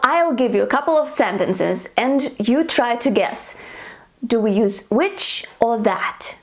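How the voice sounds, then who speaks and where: Slow, clear-teaching woman with a Russian accent. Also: on the high side. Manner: clear, deliberate explanation with lively example intonation. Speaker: English teacher. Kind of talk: online grammar lesson.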